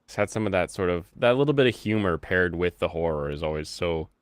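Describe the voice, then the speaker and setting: A man's voice: low voice, lively intonation, fast, no echo. A man hosting a stream, chatting casually and hesitantly with many fillers. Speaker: streamer host. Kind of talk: casual chat.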